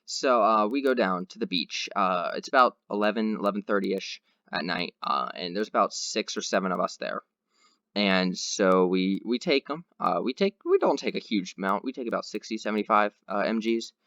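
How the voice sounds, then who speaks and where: A man's voice: lowish voice, animated, moderate pace, pushed and bright, no echo, lo-fi sound. A man hosting a podcast, telling a long rambling anecdote in casual chat with lots of fillers. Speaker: podcast host.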